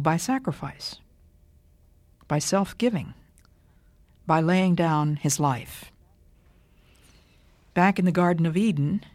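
An older woman giving a scripted radio Bible talk in a measured, emphatic way. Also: lowish voice, a little mellow, dry recording. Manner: measured, deliberate, emphatic delivery.

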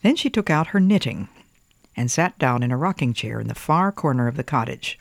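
A storyteller reading a picture book aloud in a gentle, expressive way. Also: medium pitch, a little fast, creaky, no echo.

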